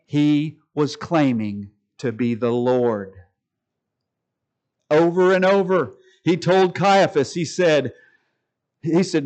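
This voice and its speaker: A man preaching a sermon to a live congregation, calling them folks and stressing key words with long pauses. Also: a little high. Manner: addresses listeners as folks.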